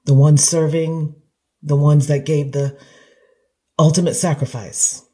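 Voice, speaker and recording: Slow, emotional woman with a mellow voice. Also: deep voice, flat delivery. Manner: emotional, halting, clears throat. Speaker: commentator. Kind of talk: emotional reaction monologue.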